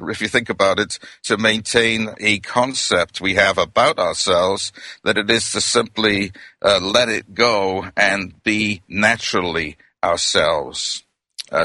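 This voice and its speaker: A middle-aged man from Wales with a Welsh accent, giving a gentle, reflective sermon as a minister. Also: low voice, dry recording. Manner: gentle, reflective, addresses listeners as friends.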